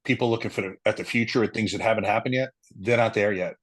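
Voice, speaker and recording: A middle-aged man, a retired police officer, earnestly telling a personal story in an interview, halting and emotional at times. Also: fairly low pitch, fairly bright tone, dry recording, poor audio.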